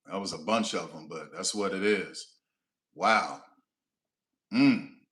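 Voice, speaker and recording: A man hosting a live watch-along stream, reacting to the game with animated, slangy outbursts. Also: low voice, slow pace, roomy sound, a little hiss or hum. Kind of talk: excitable live reaction commentary.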